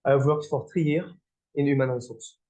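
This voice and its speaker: An earnest male job candidate, as a man acts him out, answering eagerly in slightly broken English. His voice sits at a middle pitch. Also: steady tone, a little fast, mellow, close to an everyday voice.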